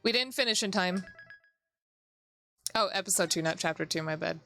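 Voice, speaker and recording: A woman's voice: fairly low pitch, normal speed, sharp tone, soft background music. A woman streaming a video game, chatting casually with her viewers, giggling, and reading the game's lines aloud in playful voices. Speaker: VTuber streamer.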